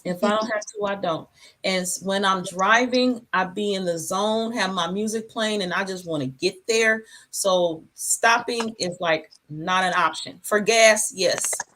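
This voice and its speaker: A woman hosting a casual livestream from her home, talking in a relaxed, rambling, reflective way. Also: mid-range voice, unhurried, slight background noise. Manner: talks with food in her mouth. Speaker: channel host.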